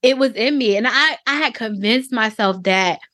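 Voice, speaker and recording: A woman in her thirties telling a personal story on a podcast, reflective and halting, with many fillers. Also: a little high, a bit bright, no room sound, studio quality.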